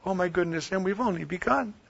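A man preaches with a high, gravelly voice, rising to loud declaiming and dropping to hushed near-whispers. The recording is dull and lo-fi. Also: fast. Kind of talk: sermon.

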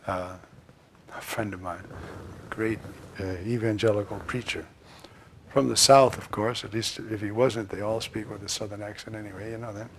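A man preaching a sermon, swinging from loud, emphatic lines to hushed asides. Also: on the low side, fairly even intonation, moderate pace, noisy background.

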